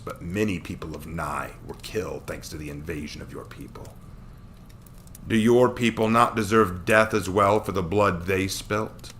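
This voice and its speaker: A man reading as a calm, weary wanderer. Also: on the low side, slight background noise. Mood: cold. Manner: soft, measured, often whispered.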